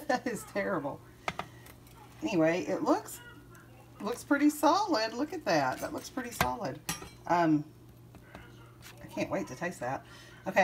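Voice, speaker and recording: A woman's voice: on the low side, background noise. Chatty woman cooking at home. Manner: chatty, rambling, laughs often. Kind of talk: casual cooking vlog. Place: home kitchen.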